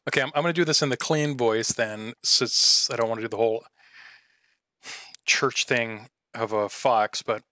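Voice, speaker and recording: A man's voice: mid-range voice, steady tone, normal speed, sharp tone. A man running a tabletop game as game master, hesitant and full of fillers.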